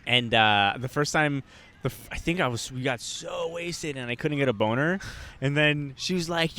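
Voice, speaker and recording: A young man co-hosts a podcast from Montreal, his voice mid-range and his pace moderate. In casual chat he rambles through a long story, swearing often and animatedly acting out what the people in it said.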